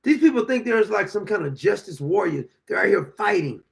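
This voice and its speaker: A man's voice: high-pitched, animated, brisk, gravelly. A man in his sixties hosting a political commentary show, ranting and mocking his targets with frequent laughter. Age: 60s.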